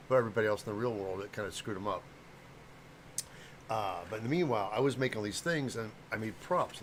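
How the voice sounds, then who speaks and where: A prop maker and livestream host, a middle-aged man from the Midwest, talks loosely with his audience in a fairly low voice. His chat meanders, and he often stumbles over names. A little hiss or hum is audible.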